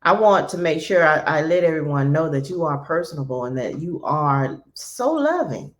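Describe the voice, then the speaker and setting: Earnest woman host with a lower voice. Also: animated, normal speed. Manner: earnest, grateful, emotional. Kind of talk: emotional conversational interview.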